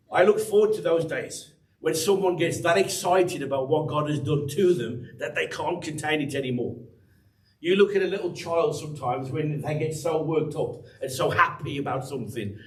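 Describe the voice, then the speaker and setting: A man's voice: a little high, moderate pace, reverberant, far from the mic, low-quality recording. An English man preaching a sermon as pastor, chatty and teasing the congregation by name. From England. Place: church hall.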